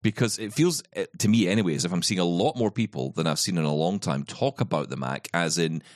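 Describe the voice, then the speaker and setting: A playful man hosting a chatty podcast, his voice low and swinging widely in pitch as he jokes and drifts into asides. The sound is dry and close, with no room around it. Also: big pitch swings, no echo. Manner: playful, jokey, quick asides. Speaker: podcast host. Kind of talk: casual chat.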